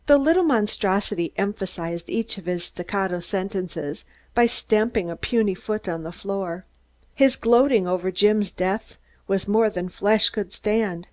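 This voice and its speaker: A woman narrates a mystery audiobook in a mid-range voice, reading in a measured and expressive manner.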